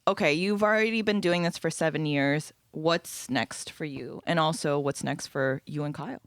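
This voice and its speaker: A woman's voice: sits low, moderate pace, dry recording. A woman hosting a podcast who asks friendly, upbeat questions in a casual chat. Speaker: podcast host. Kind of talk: casual interview.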